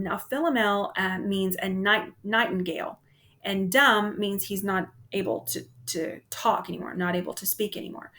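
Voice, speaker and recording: A woman's voice: mid-range voice, a bit bright. Lady teacher going over a poem, talks loose, says um and okay a lot. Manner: conversational, frequent "um" and "okay?" check-ins. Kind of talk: literature lecture.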